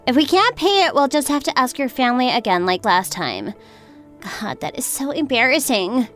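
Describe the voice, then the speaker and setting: A woman's voice: high-pitched, very animated, normal speed, a bit bright, soft background music. A woman voicing a stressed, defensive young mother in a dramatized story. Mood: upset. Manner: pleading, defensive.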